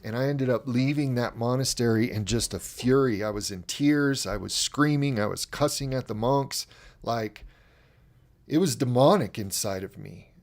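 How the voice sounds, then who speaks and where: A man with a gravelly, creaky edge to his voice, at a middle pitch, recounts a personal story on his own broadcast. He talks candidly and loosely, circling back on his words with restarts and fillers as he goes. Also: moderate pace. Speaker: broadcast host. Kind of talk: personal testimony on a livestream.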